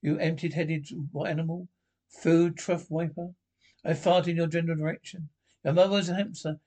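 A man's voice: on the high side, level tone, moderate pace, darkish tone, close to an everyday voice. A man putting on a taunting French castle guard. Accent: put-on French. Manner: insulting, taunting.

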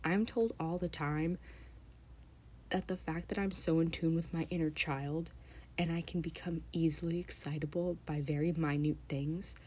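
A woman hosting a podcast, talking earnestly and emotionally, often dropping to a soft whisper. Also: deep voice, slightly rough. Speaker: podcast host reading stories. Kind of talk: casual chat.

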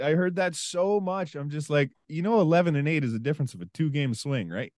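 Animated man in casual sports chat. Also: on the high side, dry recording, clean studio sound. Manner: animated, laughing, rapid asides. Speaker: podcast co-host.

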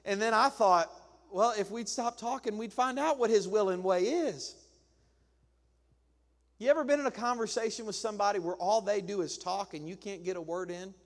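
A man preaching to his church in a chatty, down-to-earth way. He slips into quick acted-out voices for humor. His fairly high voice rings with the long reverb of a large sanctuary. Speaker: pastor. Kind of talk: sermon.

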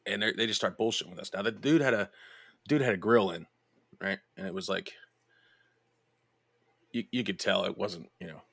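A man hosting a podcast, telling a story in casual chat, profane and animated, jumping into high voices to mimic people. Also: normal speed, vocal fry, long pauses, slightly rough, no room sound. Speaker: podcast host.

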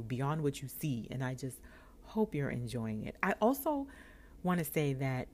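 Low-voiced woman telling a lively story. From New York. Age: 30s. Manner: animated, acts out dialogue with laughs. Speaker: podcast host. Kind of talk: personal storytelling monologue.

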